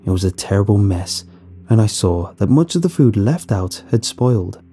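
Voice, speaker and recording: A man reading a horror story aloud as scripted narration, in a steady, measured way. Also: lowish voice, faint music behind.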